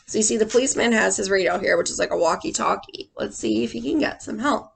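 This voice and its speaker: A woman teacher reading a picture book aloud to children in an animated way, stopping to ask them questions. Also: medium pitch, fast, creaky, few pauses, slightly rough.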